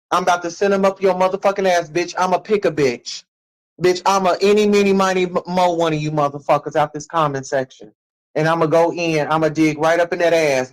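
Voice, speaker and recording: This is a man talking to his live-stream viewers. His voice sits a bit on the high side. He delivers a sassy, brash rant full of cursing, stretching his taunts out in a teasing sing-song. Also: rough recording.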